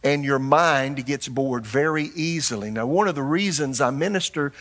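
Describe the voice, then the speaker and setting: An older man preaching a sermon as pastor, animated and shifting his delivery, putting questions to the congregation. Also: medium pitch, normal speed.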